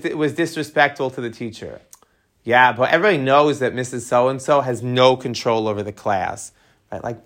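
A man teaching a text study class, animated and tossing rhetorical questions to his students. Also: fairly high pitch.

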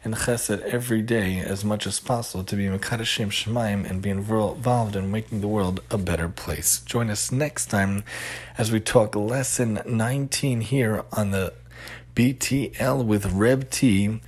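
Man, host, religious lesson, low voice, slightly husky, steady earnest delivery. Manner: measured, earnest teaching cadence. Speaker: host of a Torah lesson show. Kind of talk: recorded religious lesson with storytelling.

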